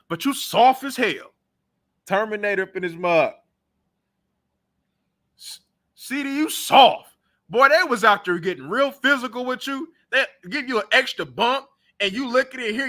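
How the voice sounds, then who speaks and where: A young man with a high, very bright and forceful voice rants about football on his own talk show. He is blunt and heated, calling players out in a loose, casual sports-reaction style. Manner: blunt, trash-talking, heated.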